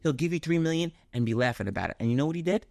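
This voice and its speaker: A brisk, fast-talking man with a thick New York accent and a somewhat high voice. He tells his stories as an interview guest, animated and often swearing, acting out the people he quotes. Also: creaky. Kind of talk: casual storytelling.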